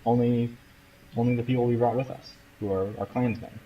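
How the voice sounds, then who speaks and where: A man's voice: medium pitch, fairly even intonation, fairly quick, mellow, highs cut off, slight background noise. A man giving casual, joking commentary while playing through a game. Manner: joking, chatty, playful asides. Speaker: gamer. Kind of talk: casual let's play commentary.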